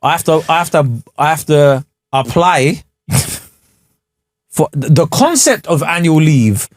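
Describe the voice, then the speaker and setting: A man, co-hosting a casual podcast. His fairly high voice jumps all over the place as he rattles through slangy, mocking banter. The sound is close and dry. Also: expressive, a little slow, no room sound. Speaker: podcast co-host. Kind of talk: casual chat.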